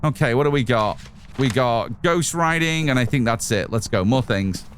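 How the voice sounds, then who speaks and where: A man's voice: mid-range voice, lively intonation, normal speed, slight background noise. A man giving chatty live commentary as he plays a game, talking to his chat and to himself. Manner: chatty, talks to chat and to himself while playing. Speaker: streamer.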